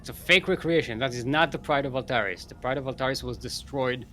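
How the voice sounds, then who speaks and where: Male caster, mid-pitched, casual live commentary with lots of fillers. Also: quick pace, bright, forceful tone, slight background noise. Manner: rambling, chatty, with frequent fillers. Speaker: esports caster.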